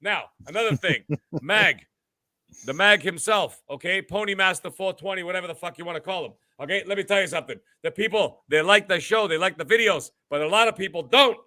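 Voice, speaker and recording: A man's voice: high voice, fairly quick, bright, forceful tone, no echo. A man hosting a gaming podcast, ranting in a profane, mock-boastful way. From Canada. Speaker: podcast host. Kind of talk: casual gaming podcast chat.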